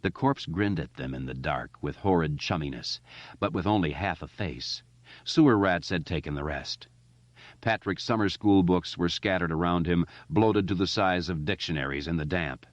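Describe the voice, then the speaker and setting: With a voice that sits low, a man reads a horror novel aloud for an audiobook in a dramatic, measured style. The recording is dry with no echo, somewhat lo-fi and a bit dull.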